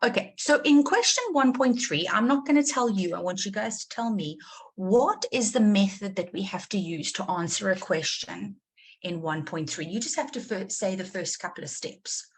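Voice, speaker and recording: A South African woman maths teacher with a husky, mid-range voice leads a live online revision class at a moderate pace. She quizzes her students, encourages them, and repeats key points for emphasis.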